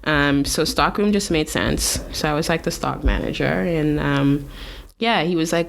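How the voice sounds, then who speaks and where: A woman from Canada, a tattoo artist guest, telling her story in a relaxed, casual way, full of likes and ums and acted-out quotes. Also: low voice, moderate pace, gravelly.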